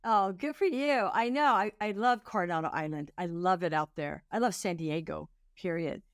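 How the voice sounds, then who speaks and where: A woman's voice: lowish voice, moderate pace, dry recording, studio quality. A woman hosting a podcast interview, speaking in a friendly, conversational way. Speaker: podcast host.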